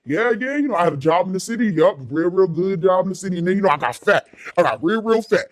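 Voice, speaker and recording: A woman's voice: fairly low pitch, expressive, fast talker, natural voice. A woman doing an impression of a boozy, self-pitying middle-aged male neighbor who rambles and repeats himself. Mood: maudlin rambling.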